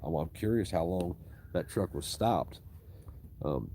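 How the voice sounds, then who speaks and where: A man's voice: sits low, expressive, a little slow, warm tone, a little hiss or hum. A man, rambling profanely and casually about his tree-cutting work. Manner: profane, rambling, drawling storyteller. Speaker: tree cutter vlogging.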